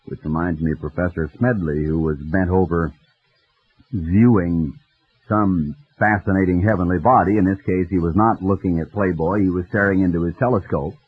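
Man, husky deep-ish voice, folksy radio sermon, muffled lo-fi broadcast. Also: fairly even intonation, moderate pace. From United States. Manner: folksy storytelling, mimics voices in quoted dialogue. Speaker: preacher.

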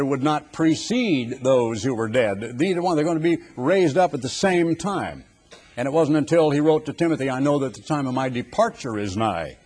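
Husky-voiced man preaching a forceful sermon. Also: mid-range voice. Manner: forceful, dramatic preaching with sweeping rhetorical lists.

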